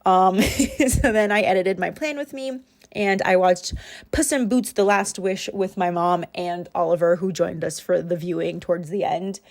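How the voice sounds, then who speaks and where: A woman's voice: on the low side, normal speed. A young woman chatting casually in a home voiceover about her planner and week, rambling and self-deprecating. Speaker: planner vlogger. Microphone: home voiceover mic.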